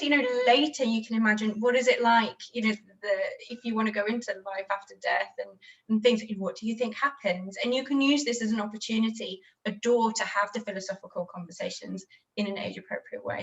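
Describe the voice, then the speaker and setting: A woman's voice: on the high side, fairly quick, recorded from a distance, muffled recording. A woman podcast host on a video call, reflecting on what her guest said and summing up the lessons. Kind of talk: casual interview chat.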